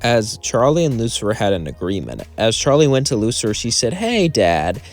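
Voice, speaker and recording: A man's voice: medium pitch, very animated, a little fast, soft background music. A man casually narrating a fan story in a loose, rambling way.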